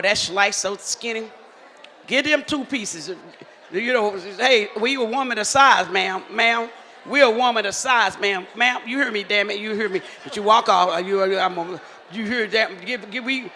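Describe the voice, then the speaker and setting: A man, emceeing a live event with loud, teasing crowd banter on a handheld mic. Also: high voice. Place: large hall at a live event. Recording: echoey hall with faint ambient noise.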